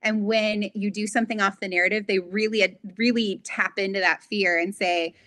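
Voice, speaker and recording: A woman's voice: medium pitch, steady tone, a little fast, fairly bright tone, no echo. A woman guest in an interview, speaking earnestly and articulately and building her points as lists. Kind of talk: interview conversation.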